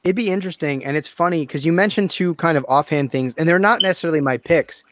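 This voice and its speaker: A man co-hosting a casual comics podcast, animated and laughing as he pitches story ideas. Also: quick pace, no room sound. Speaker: podcast co-host. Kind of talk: casual chat.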